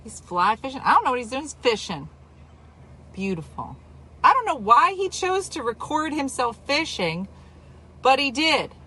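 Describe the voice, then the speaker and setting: A woman from New Jersey telling a story in casual chat, animated and exaggerated, with quick asides. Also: high voice, a little hiss or hum.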